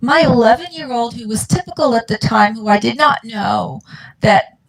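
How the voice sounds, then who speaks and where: A woman's voice: a little high, normal speed, poor audio. A middle-aged woman, a mother and guest, telling her family's story in an earnest, impassioned way and acting out the dialogue. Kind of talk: emotional personal storytelling.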